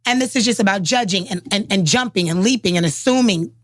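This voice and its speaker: A woman co-hosting a podcast in casual chat, talking in an emphatic, animated way. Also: mid-range voice, fast. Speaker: podcast co-host.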